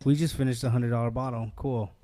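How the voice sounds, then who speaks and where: A man's voice: mid-range voice, fairly even intonation, fast, warm tone. A young man hosting a podcast, telling a story in casual chat, swearing freely and acting out other people's lines. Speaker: podcast host.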